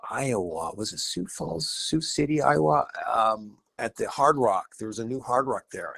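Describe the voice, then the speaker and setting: A middle-aged man, a rock guitarist guesting on a podcast, telling animated anecdotes and acting out quotes. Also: mid-range voice, creaky. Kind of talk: casual storytelling interview.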